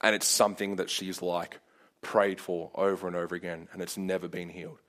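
A man's voice: sits low, a little fast. Casual storytelling young male preacher. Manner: casual, many fillers, animated when acting out his prayers. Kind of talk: sermon storytelling.

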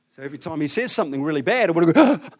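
A man delivers a sermon in an animated storytelling way, his slightly high voice climbing and dropping as he plays out the people in the story. He talks to the congregation directly and acts out the scene. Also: fast talker, breathy edge. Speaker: preacher.

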